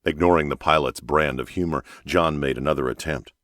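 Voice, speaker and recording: A male audiobook narrator with a very deep, low voice, reading a thriller in a measured, even way. The recording is close and dry, with no room sound. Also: dry recording. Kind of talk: scripted narration.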